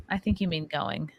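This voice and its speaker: A woman's voice: medium pitch, gravelly, slightly rough. A woman in her thirties hosting a podcast, reading viewer comments aloud and telling stories with a playful, laughing manner. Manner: playful, laughing, animated storytelling. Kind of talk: casual chat.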